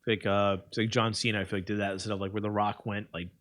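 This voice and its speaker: A man's voice: on the low side, flat delivery, fast, fairly bright tone. A man co-hosting a podcast, agreeing easily and rambling through casual talk with lots of fillers. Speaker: podcast co-host. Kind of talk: casual chat.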